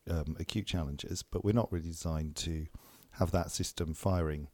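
A man, a psychiatrist co-hosting a podcast, speaking in a measured, thoughtful way in casual chat. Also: sits low, fairly even intonation, darkish tone, no room sound. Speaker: psychiatrist co-host.

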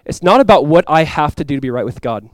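In a close-miked, dry recording, a young man preaches a sermon at a quick clip in a slightly high voice. His delivery is conversational and loaded with "like," sinking to quiet earnestness and rising to loud excitement.

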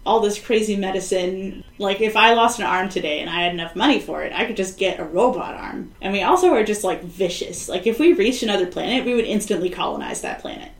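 A woman's voice: medium pitch, expressive, quick pace, hardly any pauses, roomy sound. A woman co-hosting a podcast in casual chat, rambling and sardonic, often acting out the people she quotes. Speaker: podcast co-host.

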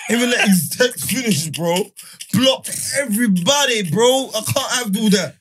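A man, telling a story in casual podcast chat, animated and full of laughter and slang. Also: high-pitched, moderate pace, slightly rough, no room sound. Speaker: podcast host.

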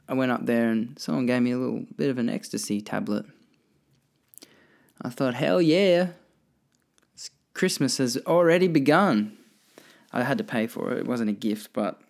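A man's voice: medium pitch, gravelly. An Australian man hosting a podcast, answering listener questions in rambling, profane casual chat that keeps correcting itself. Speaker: podcast host.

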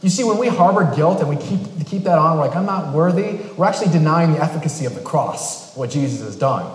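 A pastor from New England, his voice a little high and expressive, talks fast as he preaches a sermon. Conversational and story-driven, he slips into quoted voices to recount a family story, recorded in an echoey hall with long reverb.

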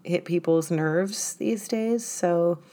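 A woman's voice: lowish voice, slow pace, mellow. A woman from upstate New York co-hosting a podcast, laid-back and giggly, swearing casually. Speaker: podcast co-host. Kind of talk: casual chat.

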